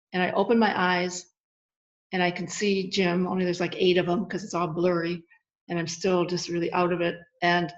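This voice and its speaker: A woman's voice: lowish voice, lo-fi sound. A woman guest in an interview, telling a personal story earnestly, with lots of restarts and vivid retelling.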